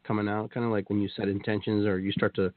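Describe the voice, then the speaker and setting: A man's voice: fairly low pitch, little pitch movement, fast talker, dry recording. A man telling his story as a guest on a talk show, rambling with many restarts and quoted asides. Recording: tinny phone-like line, dry.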